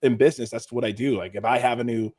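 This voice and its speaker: A man chats as a podcast guest in a relaxed, self-deprecating way. He rambles and restarts, and fills his talk with "like". The recording is dry and close, with no room sound. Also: mid-range voice, quick pace, husky, no room sound. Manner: rambling, with many restarts and "like" fillers. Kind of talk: casual interview chat.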